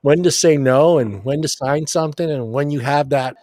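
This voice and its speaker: A man's voice: on the high side, normal speed, darkish tone, no echo. A man co-hosting a casual sports chat show, telling long rambling stories and swearing casually. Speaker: podcast co-host.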